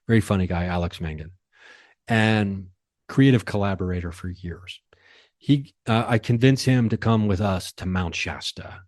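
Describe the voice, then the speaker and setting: Male podcast host and comedian, low voice, excitable storyteller, dry close sound. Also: no room sound. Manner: excitable, animated retelling with quick bursts. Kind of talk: casual storytelling.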